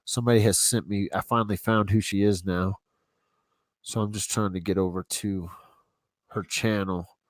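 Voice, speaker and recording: Man, livestream host, casual slang, rambling, thinking out loud, dry close sound. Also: lowish voice, steady tone, normal speed, dry recording. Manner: rambling, laid-back, talks to himself while browsing; casual slang, says y'all. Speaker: YouTube channel host.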